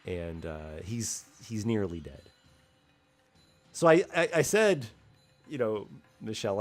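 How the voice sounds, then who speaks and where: A man's voice: fairly low pitch, unhurried, pauses often, soft background music. A man running a tabletop game as game master, narrating and calling rolls. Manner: lively, animated narration with rolls and rulings.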